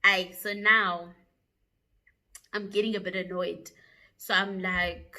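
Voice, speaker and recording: A young South African woman telling a story to her viewers in a chatty, animated way, with frequent asides. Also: medium pitch, slow, long pauses. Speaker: YouTuber. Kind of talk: casual storytime vlog.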